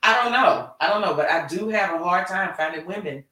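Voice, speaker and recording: A woman's voice: fairly low pitch, a little fast, sharp tone. A woman co-hosting a live talk show, chatting frankly and animatedly about relationships. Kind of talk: casual chat about relationships. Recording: roomy sound, mic at a distance.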